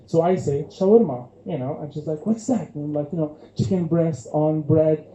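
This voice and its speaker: On a comedy club stage, a young Syrian man performs stand-up in a loose, chatty way packed with fillers. His voice is slightly high and dark-toned at a normal pace, and the audio is poor, with an echoey room.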